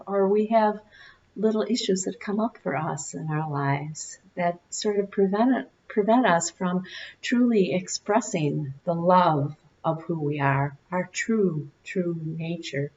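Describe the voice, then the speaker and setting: A woman minister giving an Easter sermon, telling stories with slow, deliberate phrasing and dramatic pauses, in a church. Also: medium pitch, darkish tone, lo-fi sound, a little hiss or hum. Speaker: guest minister. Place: church sanctuary.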